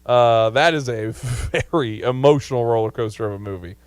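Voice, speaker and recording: A man's voice: medium pitch, moderate pace, no room sound. A man in his thirties hosting a sports radio show, chatting casually and laughing easily. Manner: upbeat, laughs easily, emotional.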